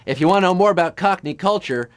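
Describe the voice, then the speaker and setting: A man with a high, clean-toned voice hosts a live trivia game, reading questions briskly and slipping in puns and jokes between answers. Music plays in the background.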